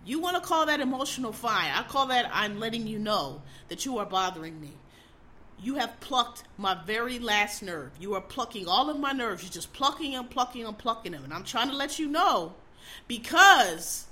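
A woman's voice: fairly high pitch, pushed and bright, a little hiss or hum. A middle-aged woman ranting casually as a host, blunt, profane and exasperated, hammering her points by repeating them. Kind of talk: casual opinion rant.

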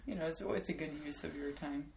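A woman's voice: low-pitched, fairly quick, gravelly, darkish tone, echoey room, a little hiss or hum. A woman hosting a podcast interview, chatty and playful, laughing often and teasing her guest. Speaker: podcast host. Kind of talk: casual interview chat.

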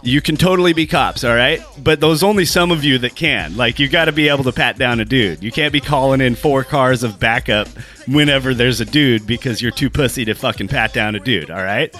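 A man's voice: medium pitch, fairly quick, fairly bright tone, soft background music. A man co-hosting a podcast, ranting with heavy profanity and emphatic repetition. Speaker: podcast co-host. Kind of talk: casual podcast chat.

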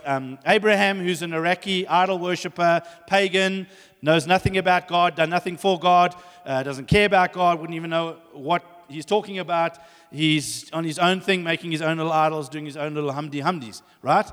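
A man preaching a sermon, telling stories in an animated way and acting out the voices, with long hall reverb. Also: sits high. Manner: animated storytelling, acts out voices.

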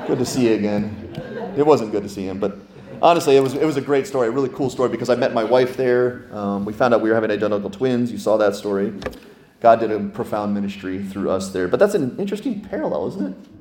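A man's voice: medium pitch, roomy sound. A man preaching a sermon, telling stories and asking the congregation questions. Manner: storytelling, animated, asks the congregation questions. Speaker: pastor.

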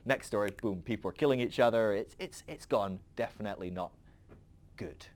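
A man's voice: lowish voice, brisk, a little mellow, slight background noise. A man hosting a podcast, talking through a rambling, conversational philosophical monologue with frequent asides to the listener. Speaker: podcast host.

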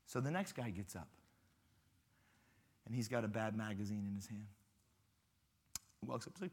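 A man's voice: medium pitch, brisk, long pauses, sharp tone. A man, a pastor preaching at a youth rally with playful, dramatic storytelling.

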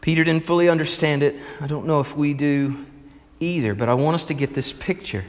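A male pastor preaching a sermon, retelling a story with animated, emphatic delivery. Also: on the high side, a little fast, in a large hall.

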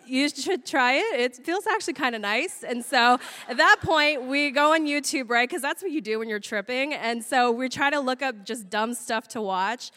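Lively young woman telling a comic story. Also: high-pitched, moderate pace. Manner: animated, laughs often, swears casually. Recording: long hall reverb.

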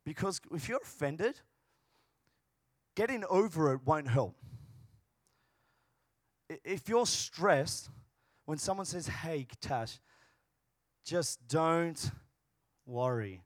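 Impassioned male preacher, higher voice. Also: sing-song, slow, dry recording, studio quality. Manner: swings from quiet talk to loud, passionate preaching; casual, joking asides to the congregation. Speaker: pastor. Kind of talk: sermon.

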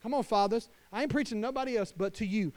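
Man, pastor, church sermon, high-pitched, emphatic, hushed then loud. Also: quick pace.

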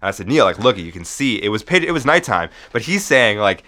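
Low-ish bright voiced guy rambling through a deadpan story, lots of "like". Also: fairly quick. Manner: rambling, full of restarts and "like". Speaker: podcast co-host.

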